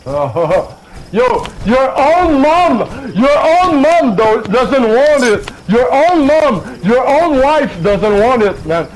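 A man's voice: very high voice, big pitch swings, takes it slowly, poor audio. A drunk man with a Quebec French accent, a native French speaker trash-talking another player in game voice chat, swearing and repeating himself. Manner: taunting, profane, repeats himself.

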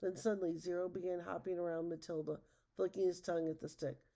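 A woman narrating a children's storybook aloud, steady and expressive. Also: lowish voice, fast, vocal fry.

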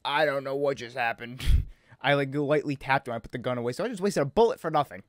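A young man hosting a gaming channel, joking and excitable as he plays. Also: mid-range voice, quick pace, no echo, studio quality. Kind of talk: let's play commentary.

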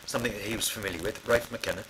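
A man's voice: lowish voice, fairly even intonation, racing, noisy background. A middle-aged man telling studio stories in a rambling, casual way, full of fillers and restarts. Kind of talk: casual spoken anecdote.

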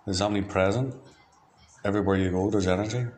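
An Irish man keeps a diary-like monologue, rambling and free-associating from one word to the next in a flat, matter-of-fact tone. His voice is lowish and fast, with slight background noise.

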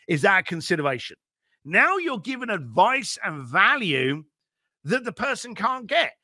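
A man being interviewed as an entrepreneur, giving blunt, energetic business advice and swearing casually. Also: high-pitched, normal speed, dry recording, studio quality. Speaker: entrepreneur guest.

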